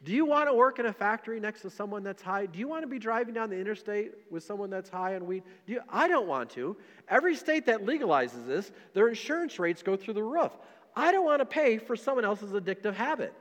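A middle-aged pastor delivers an impassioned sermon full of repetition and rhetorical questions. His voice sits high, expressive, brisk, and a bit bright, with a big-room sound.

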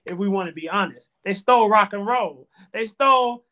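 A man hosting a podcast in a loose, animated way, joking and riffing on the news. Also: high voice, normal speed. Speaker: podcast host. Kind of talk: casual podcast chat. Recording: dull lo-fi sound.

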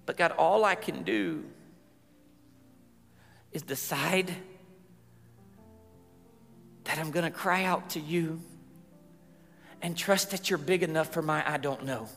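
A man, preaching a sermon as a chatty, humorous storyteller who gets loud at times. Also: a little high, steady tone, takes it slowly, creaky, long pauses, in a large hall, faint music behind. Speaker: pastor.

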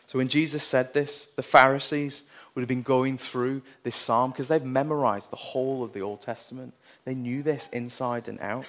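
A man's voice: mid-range voice, moderate pace. A man preaching a sermon, earnest, reading scripture passages with rising intensity.

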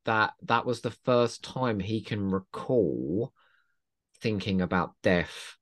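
A man's voice: fairly low pitch, slow pace. A man hosting a podcast in casual chat, teasing his guest and laughing often. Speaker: podcast host.

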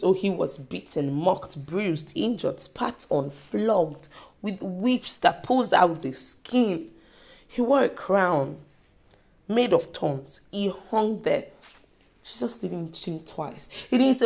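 Woman preacher, slow and gravelly, low-set voice, emphatic and repetitive. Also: animated. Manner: emphatic, repeats lines, swings between loud and soft. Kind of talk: sermon.

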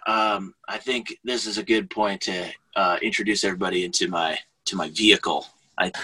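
A man chatting as a guest, telling a story in an animated way and laughing often. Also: sits low, breathy edge, poor audio. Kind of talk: casual storytelling in conversation.

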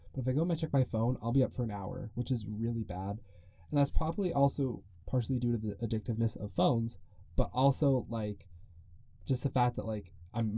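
A young adult man hosts a casual solo podcast, rambling, chuckling often, and saying "like" a lot. His mid-range voice has a dark tone, and the recording is dry.

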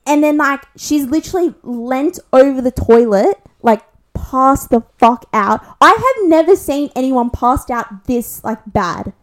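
Speaking at a measured pace in a high-pitched voice, this young woman with an Australian accent shares gossip on a podcast she co-hosts. She curses nonstop and animatedly acts out each person's lines.

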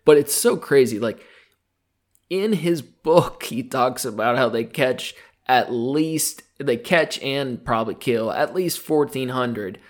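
A man's voice: medium pitch, animated, slow. Laid-back, profane male podcast co-host. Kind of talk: casual conversational podcast. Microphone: studio microphone.

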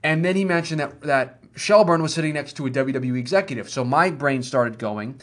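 A man talking at a rapid clip with a slightly raised pitch. He is co-hosting a podcast in casual chat, emphatic and animated, and he pushes his points hard. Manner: fast, emphatic and animated, builds to ranting. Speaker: podcast co-host. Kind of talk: casual wrestling talk.

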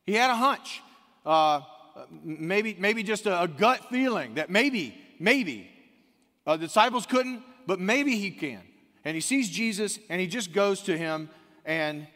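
A man preaching a conversational sermon, swinging from quiet, low asides to sudden loud, emphatic rises. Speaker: pastor. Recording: long reverb of a large hall.

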